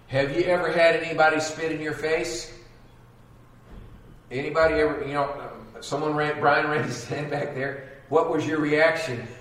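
A man preaching a sermon as pastor, dramatic and animated, acting out quotes and sound effects. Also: fairly high pitch, far from the mic. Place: church sanctuary. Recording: echoey church recorded from afar.

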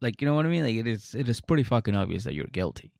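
A man's voice: mid-range voice, racing, vocal fry, dry recording, studio quality. A young man co-hosting a comedy podcast, profanely retelling a show and acting out the people in it. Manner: animated, profane, acts out voices while retelling. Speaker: podcast co-host. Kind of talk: casual comedic chat, recapping a reality show.

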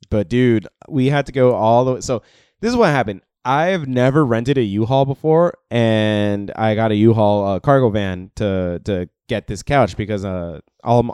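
A man's voice: lowish voice, clear, resonant tone, dry recording, clean studio sound. A man casually telling a story among friends, swearing and acting out the people he quotes. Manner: animated, swearing, acts out quoted voices.

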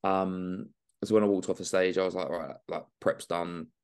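A young Englishman chats easily on a podcast, his very deep voice sitting low the whole way through. He talks in a relaxed, loose way, peppering his talk with swearing and calling people mate. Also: normal speed, clean tone. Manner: laid-back, swears freely, says mate and man. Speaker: bodybuilding guest. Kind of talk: casual podcast chat.

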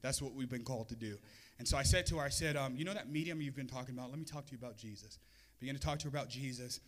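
A man's voice: medium pitch, rapid-fire. A man preaching a sermon as a pastor, telling a story with humor and acting out the voices of the people in it.

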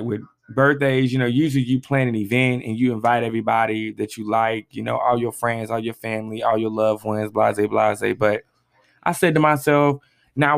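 Animated young man hosting a podcast. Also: mid-range voice. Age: 20s. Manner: animated, reads messages aloud with feeling. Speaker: podcast host. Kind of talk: casual solo podcast talk.

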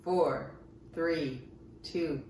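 A helper counting down in a quiet, flat manner. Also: mid-range voice, very slow, distant mic, a little hiss or hum. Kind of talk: casual chat. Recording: echoey room, voice from off-mic.

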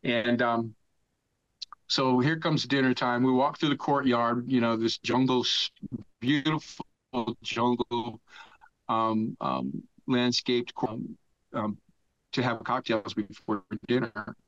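Older American man, mid-pitch, swearing raconteur, dull dry lo-fi recording. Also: slow pace, a bit bright, no room sound. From United States. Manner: profane, rambling storyteller who laughs mid-story. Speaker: podcast guest. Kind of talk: casual storytelling.

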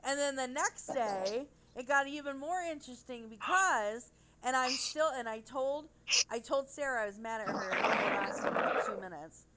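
A woman telling a rambling, animated story in casual chat. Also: high voice, moderate pace, noisy background.

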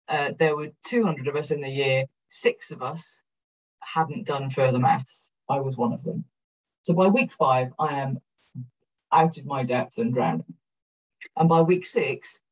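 A middle-aged Welsh woman speaks frankly to a conference audience, joking at her own expense and swearing freely. Her voice sounds breathy and husky, heard from some distance away. The recording is dull and muffled. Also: sits low. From South Wales. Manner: frank and energetic, swears casually, self-deprecating. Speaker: keynote speaker. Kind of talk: candid conference talk. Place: conference room.

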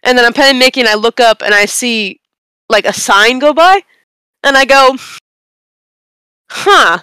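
A young woman on a casual podcast, telling a long story in an animated, rambling way with bursts of laughter. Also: a little high, normal speed, smooth, no room sound. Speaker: podcast co-host.

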